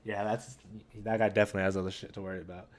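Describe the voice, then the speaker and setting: A man hosting a gaming channel, reading a comic with viewers in an excitable, chatty way and talking straight to them. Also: low-pitched, rapid-fire. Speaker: gaming YouTuber. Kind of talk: casual read-along commentary.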